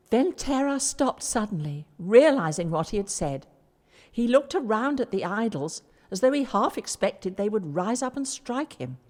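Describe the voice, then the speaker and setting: Expressive woman reading a story. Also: fairly high pitch, normal speed. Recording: long reverb.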